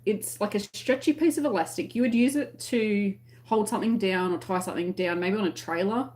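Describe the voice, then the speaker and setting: A chatty Australian woman on a relaxed livestream, reading out viewer comments and explaining everyday words. She talks in a loose, giggly way, pitched in the middle for a woman. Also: a little fast. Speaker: crochet livestream host.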